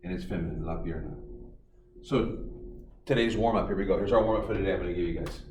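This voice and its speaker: Male teacher, playful, slow repetition; lowish voice, echoey distant recording. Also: noisy background. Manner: playful, jokey, repeats words slowly for students. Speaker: Spanish teacher. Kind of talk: remote classroom lesson. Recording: echoey room, from far off, faint music.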